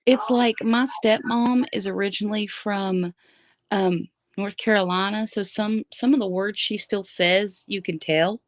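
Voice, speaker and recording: A woman's voice: mid-range voice, fairly even intonation, a little slow. A woman with a mild West Virginia accent chats in an easy, curious way, asking how words are said. The sound is dry and close, with no room echo. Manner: curious, quizzes about pronunciation. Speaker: co-host. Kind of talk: casual chat on a livestream.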